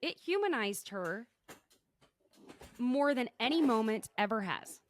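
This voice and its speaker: Lively woman podcast host. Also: a little high. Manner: animated, chatty, quick asides. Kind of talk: casual recap chat. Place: podcast recording.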